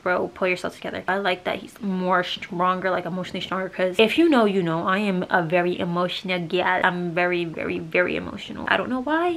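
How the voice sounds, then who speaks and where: A young woman chats straight to her camera in a loose, emotional way, peppering her talk with "like" and slang. She has just been crying and still sounds weepy. Her voice carries a noticeable gravelly fry. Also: fairly low pitch, fairly bright tone. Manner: chatty and emotional, slangy, fillers of "like". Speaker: vlogger. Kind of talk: casual storytime chat to camera.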